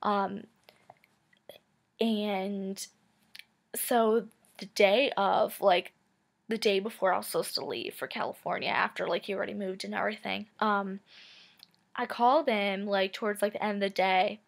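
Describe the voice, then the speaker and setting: A woman's voice: mid-range voice, steady tone, unhurried, vocal fry, long pauses. A woman in her twenties telling a personal story to camera in a casual, chatty way, full of "like" and "um" and frank swearing. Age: 20s. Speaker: vlogger.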